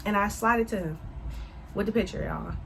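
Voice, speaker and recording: A woman telling a casual storytime to her viewers, animated and swearing freely as she addresses them as y'all. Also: mid-range voice, fairly quick, creaky, slight background noise, low-quality recording. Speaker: vlogger.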